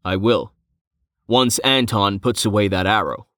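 Guy doing a chill armored stranger, low and measured, kinda teasing. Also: a bit bright, dry recording, studio quality. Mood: calm. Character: calm armored young male stranger.

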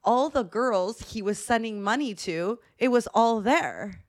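A woman's voice: fairly high pitch, animated, a little slow. A young woman co-hosting a podcast, telling stories animatedly in casual chat and acting out the voices of the people she quotes. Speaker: podcast co-host.

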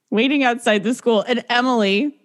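A woman's voice: on the high side, normal speed. A woman chatting casually, retelling a film scene by scene and laughing often. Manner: lively, laughing, acts out quotes. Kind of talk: casual chat recapping a film.

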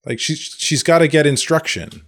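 A man co-hosting a casual movie podcast, talking in an animated way with many restarts. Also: a little high, normal speed. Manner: animated, restarts often, acts out quotes. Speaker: podcast co-host. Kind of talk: casual chat.

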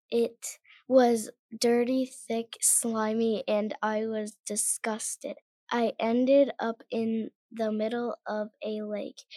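A young girl reading her own made-up adventure story aloud, in an earnest, halting way. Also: a little high, mellow, dry recording.

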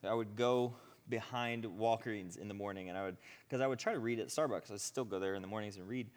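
A male preacher tells a testimony story, animated, acting out quotes and laughing often. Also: fairly low pitch, a little fast. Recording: long hall reverb.

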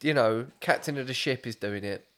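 A man's voice: mid-range voice, brisk, fairly bright tone. A man hosting a comedy podcast in casual chat, blunt and swearing freely, often talking over his co-host. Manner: blunt, swears a lot, talks over others.

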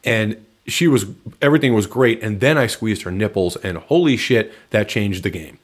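A man recounting a personal story in frank, casual podcast chat, relaxed and matter-of-fact. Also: fairly low pitch, normal speed.

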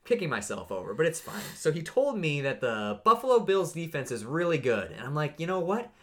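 A man on a sports podcast with a fairly high voice. He rants in an animated way, and his voice jumps up when he gets worked up. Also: a little fast. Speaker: podcast co-host. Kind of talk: casual sports chat.

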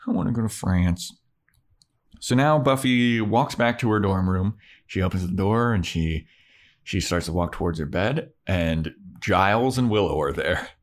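A man co-hosting a casual podcast, retelling a TV episode with crude jokes and quick voices for the characters. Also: low voice, animated. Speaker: podcast co-host recapping a TV episode. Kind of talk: casual chat.

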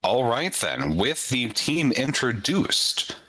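A man running a tabletop game as game master, setting scenes in a relaxed, chatty way with plenty of fillers. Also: medium pitch, takes it slowly, no echo, poor audio.

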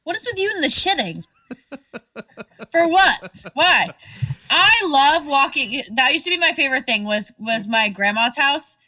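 Podcast co-host, woman, casual chat, blunt humor, bright slightly high voice. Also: big pitch swings, a little slow, no echo, distant mic. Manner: joking, blunt, swears freely.

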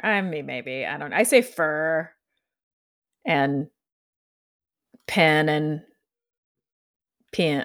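A woman from Ohio with a Midwestern American accent, co-hosting a podcast in a relaxed, laughing, agreeable way. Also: low-pitched, drawn-out words, long pauses. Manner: laid-back, laughs often, agreeable. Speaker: podcast co-host. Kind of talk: casual chat.

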